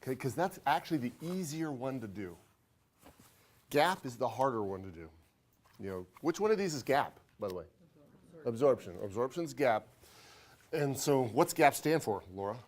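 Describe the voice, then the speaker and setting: Hyper, fast-talking male accounting teacher. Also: mid-range voice, big pitch swings. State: dry throat. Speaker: accounting instructor. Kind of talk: classroom lecture. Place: classroom.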